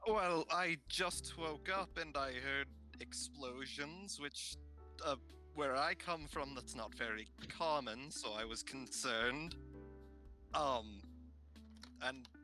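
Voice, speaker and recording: A man's voice: mid-range voice, bright, forceful tone, soft background music. A man voicing a courteous, formal newcomer adventurer in a tabletop game. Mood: earnest. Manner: formal, polite, slow.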